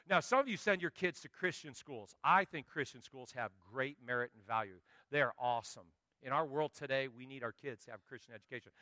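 Middle-aged man, pastor preaching a sermon, bright tense voice, slightly high, acts out quoted voices, dry sound. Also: no room sound. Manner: animated, acts out quoted voices, swings from quiet to loud.

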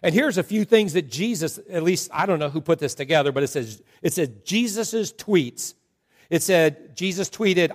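Male pastor, high voice, playful joking sermon delivery. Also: moderate pace. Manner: joking, animated storytelling to a congregation.

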